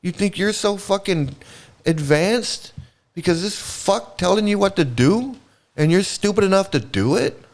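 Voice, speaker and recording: Male streamer host, profane sarcastic rant, animated pitch. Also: a little slow. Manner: angry, sarcastic, heavy swearing. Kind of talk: profane ranting livestream commentary.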